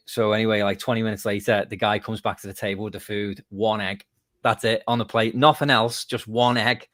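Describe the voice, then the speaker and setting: A man from the UK with a British accent tells casual stories as a podcast guest, often laughing as he goes. His voice sits on the low side. The sound is dry and close. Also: fairly quick, no echo. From United Kingdom. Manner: laughing storyteller, animated retelling. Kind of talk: casual chat.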